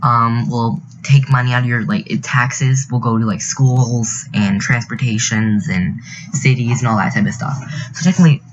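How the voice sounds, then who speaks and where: A man's voice: mid-range voice, steady tone, normal speed, muffled recording, background noise. A teenage boy, telling an indignant, rambling story over a game video, full of fillers. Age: teens. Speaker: youtuber narrating a speed build. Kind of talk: casual storytelling voiceover.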